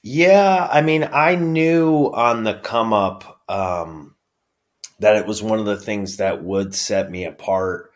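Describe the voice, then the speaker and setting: Low-voiced man with a New York accent, relaxed interview guest who talks in loose, halting bits. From upstate New York. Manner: easygoing, halting phrases. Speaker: guest, pro wrestler. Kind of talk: casual interview chat.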